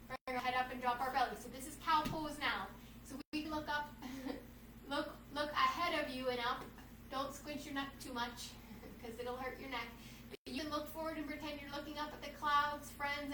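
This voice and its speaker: A woman with a high-pitched, slightly bright voice reads a storybook aloud while leading children through yoga poses at home. She's an upbeat, encouraging kids' yoga instructor who calls the children "friends." A distant mic gives a roomy sound with faint ambience and slight background noise.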